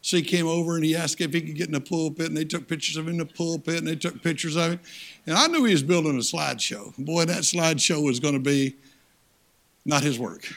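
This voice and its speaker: A man preaching a sermon as a guest speaker, telling stories and slipping into loud character voices. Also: on the high side, fast. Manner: storytelling preacher, swings into loud acted voices.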